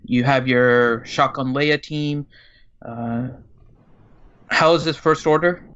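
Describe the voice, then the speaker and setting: A man co-hosting a casual gaming chat, relaxed and agreeable as he weighs team options. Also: medium pitch, slow pace, clear, resonant tone. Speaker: co-host. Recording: dull lo-fi audio.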